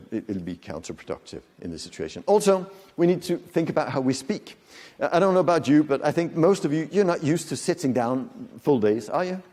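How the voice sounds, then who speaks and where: A man giving a conference lecture to an audience, lively and demonstrative, often asking the room questions. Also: medium pitch. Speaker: conference speaker. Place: conference hall. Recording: long hall reverb.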